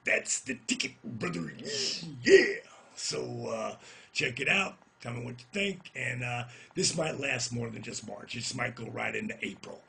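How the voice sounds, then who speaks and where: Gravelly middle-aged man telling stories. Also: mid-range voice. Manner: animated, profane storyteller who gets loud reliving moments. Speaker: retired pro wrestler. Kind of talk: casual storytelling rant.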